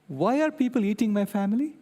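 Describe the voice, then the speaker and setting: A man's voice: sits high, animated, fast talker, warm tone, voice pushed up. A man voicing his upset five-year-old granddaughter, pleading and insistent. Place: convention centre hall. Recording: long reverb in a large hall.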